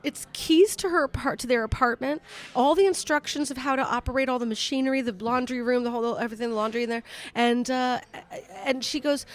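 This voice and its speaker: A woman comedian telling a story as a podcast guest in casual chat, lively and swearing freely, with quick asides. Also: high-pitched.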